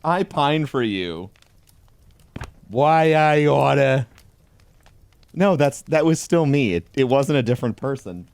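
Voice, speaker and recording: A man giving a deadpan comedic reading of a holiday pun book, with dry delivery. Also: medium pitch, normal speed, hardly any pauses. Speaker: host.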